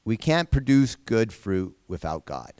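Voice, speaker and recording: A man's voice: fairly low pitch, big pitch swings, measured pace, a little mellow, clear, resonant tone, no echo, studio quality. A man leading an informal Bible lesson for a group, talking conversationally, repeating phrases and asking the class questions. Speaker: Bible study teacher.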